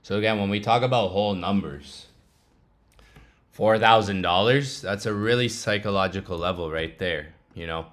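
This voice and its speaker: A man's voice: fairly low pitch, normal speed, a bit bright. A young man vlogging casually about trading, talking in a loose, slangy way with laughing asides.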